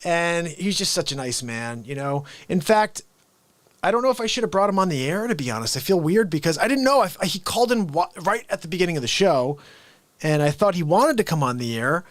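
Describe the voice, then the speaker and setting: Speaking briskly in a fairly high voice with no audible room sound, a man runs a daily live variety show. He chats casually, jokes and laughs a lot, and wanders off topic in an animated way.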